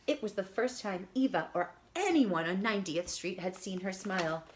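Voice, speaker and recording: A woman reading a children's picture book aloud in an expressive, lively storytelling manner. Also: mid-range voice, moderate pace, a little hiss or hum. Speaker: storybook reader.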